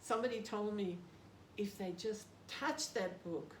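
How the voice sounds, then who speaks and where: An older woman with an Australian accent speaks a little slowly in a medium-pitched voice. A devotee in a relaxed interview, she shares a story with laughter and humor aimed at herself. Background noise and a roomy sound mark the recording.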